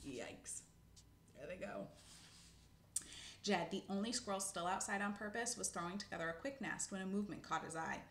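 A woman's voice: mid-range voice, brisk, a bit bright, echoey room, slight background noise. A woman reading a children's book aloud, casual, with spoken asides and self-corrections. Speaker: narrator.

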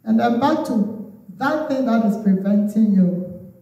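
A woman's voice: fairly high pitch, lively intonation, a little slow, mellow, lo-fi sound. A woman from Ghana with a Ghanaian English accent, preaching a sermon and calling out Amens and Hallelujahs. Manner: exhorting, call-and-response with Amens and Hallelujahs. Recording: very echoey room, voice from far off.

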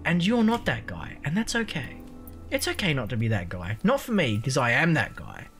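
A let's play host who talks over gameplay with swearing and jokes, and taunts the characters on screen. The voice swings widely in pitch, with faint music underneath. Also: sing-song, moderate pace, a bit bright. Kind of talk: gameplay commentary.

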